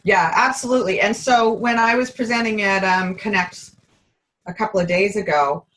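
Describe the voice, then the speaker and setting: A woman talks as an interview guest, upbeat and chatty. Her voice is a little hoarse and worn, and her pitch sits at an ordinary middle level. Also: moderate pace, fairly bright tone, low-quality recording. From Canada. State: slightly hoarse. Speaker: guest presenter, bookkeeper. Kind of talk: casual interview.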